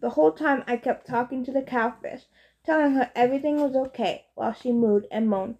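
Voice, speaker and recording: Expressive woman reading an audiobook. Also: fairly high pitch, normal speed, muffled recording. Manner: casual, expressive teen voice. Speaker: audiobook narrator. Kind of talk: first-person novel narration.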